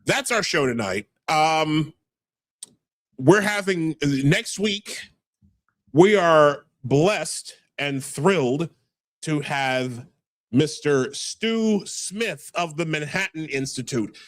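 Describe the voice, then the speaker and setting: A man with a New York accent hosts a casual livestream, brash and quick to stammer. His voice sits fairly high for a man. The sound is dry and close. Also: animated, no room sound. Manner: stammering, brash, reads chat aloud. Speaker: podcast host.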